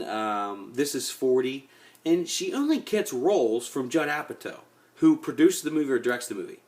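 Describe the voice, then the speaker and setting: A man ranting casually to his webcam about actors he dislikes, blunt and rambling, often repeating himself. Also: mid-range voice. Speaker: vlogger. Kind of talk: casual opinion rant.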